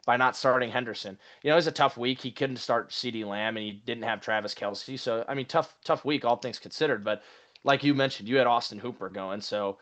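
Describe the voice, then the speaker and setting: A man's voice: medium pitch, brisk, fairly bright tone. Conversational male podcast co-host. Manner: conversational, repeats "right?" and "I mean". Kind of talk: casual sports podcast chat.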